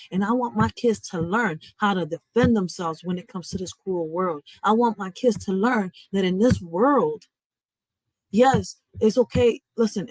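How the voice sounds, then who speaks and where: A woman's voice: medium pitch, dry recording, rough recording. A woman, hosting a livestream from home in an impassioned, preachy rant, swearing freely. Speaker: livestream host.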